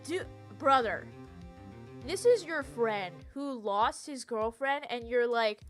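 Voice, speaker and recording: A woman's voice: a little high, animated, slow, soft background music. A woman streamer giving casual commentary on a game, laughing constantly and reacting with animation.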